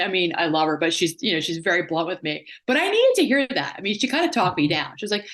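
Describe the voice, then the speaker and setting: A woman's voice: fairly low pitch, quick pace, few pauses. A woman psychotherapist and life coach talking in a casual interview, telling stories and acting out the voices of people she quotes. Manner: animated storyteller, acts out quoted voices.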